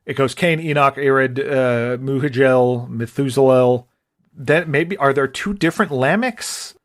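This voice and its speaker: A man's voice: mid-range voice, a little slow. Rambling man co-hosting a podcast. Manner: rambling, thinks aloud with restarts, puts on goofy voices. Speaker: podcast co-host. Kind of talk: casual chat.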